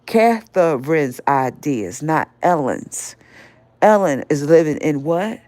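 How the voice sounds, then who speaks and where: A woman's voice: lowish voice, a little mellow, no room sound. An older woman hosting a live stream, scolding and confronting someone directly in a heated rant.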